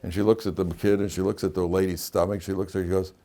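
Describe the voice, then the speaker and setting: A man's voice: sits low, flat delivery, quick pace, mellow. A man, a rabbi teaching a Torah class, who tells jokes and anecdotes and often repeats his phrases. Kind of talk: classroom lecture.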